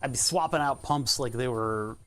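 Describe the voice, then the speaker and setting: A man's voice: medium pitch, moderate pace, a bit bright. A man streaming live, chatting casually and thinking aloud as he pedals an exercise bike, laughing often. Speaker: Twitch streamer.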